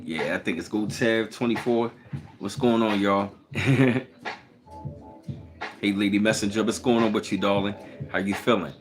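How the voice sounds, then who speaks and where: Laid-back Baltimore man, deep voice. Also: a little slow, long pauses, over music. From Baltimore, Maryland. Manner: relaxed, greets chat by name. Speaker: live streamer. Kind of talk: casual live-stream chat.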